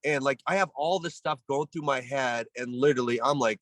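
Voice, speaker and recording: A Canadian man in his forties, a former pro baseball player, is a guest in an interview, telling a story as an animated storyteller who acts out voices and quotes and restarts often. His mid-range voice moves a little fast, and the recording is dry.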